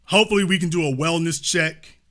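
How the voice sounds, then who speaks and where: A man with a high, bright voice hosts a call-in show. He mocks and insults and keeps repeating his jabs. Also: brisk. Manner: mocking, insulting and repetitive. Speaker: show host. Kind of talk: call-in show arguing with a caller.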